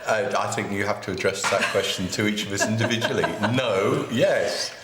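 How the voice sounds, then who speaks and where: A middle-aged father talks in an interview in a wry, good-humoured way with a fairly low voice. The room around him is roomy and echoey. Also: normal speed. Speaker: father of a large family.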